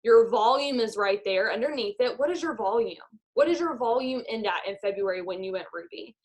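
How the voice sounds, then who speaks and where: A woman in her 20s with a high-ish, expressive voice talks fairly quickly. She's a network marketing leader giving an upbeat motivational talk over a video call and guiding a visualization.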